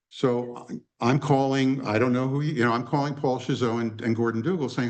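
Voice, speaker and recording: A man presenting a workshop at a conference and telling a personal anecdote. He keeps it lively and acts out the dialogue. His voice sits in an ordinary middle pitch. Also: moderate pace.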